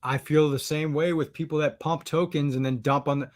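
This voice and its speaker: A man speaking as a guest on a live stream, talking in a relaxed, rambling way that often repeats words. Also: fairly high pitch, fairly quick. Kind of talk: casual chat.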